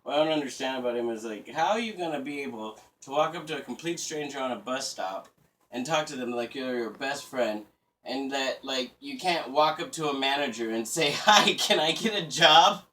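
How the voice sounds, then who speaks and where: A man's voice: medium pitch, fairly quick, a bit bright. A man in his thirties ranting casually in a crude, profane, rambling and sarcastic way. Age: 30s. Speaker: vlogger. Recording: voice a bit distant from the mic.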